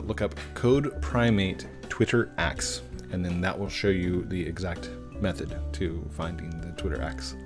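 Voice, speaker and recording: A middle-aged man hosting a casual live stream, reading viewer questions aloud in a chatty, goofy way and stumbling over usernames. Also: on the low side. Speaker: game streamer. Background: faint guitar music.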